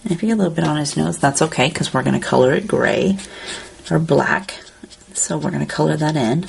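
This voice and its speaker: A woman calmly talking through a step-by-step card-coloring tutorial, describing each stroke as she works. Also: sits low, fairly quick, gravelly, slight background noise. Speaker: card-making instructor.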